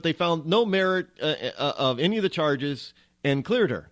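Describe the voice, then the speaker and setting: A man's voice: fairly high pitch, animated, moderate pace. A man hosting a talk radio show, rambling and wry, with frequent restarts as he muses aloud. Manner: rambling, wry, self-interrupting. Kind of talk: casual talk radio monologue.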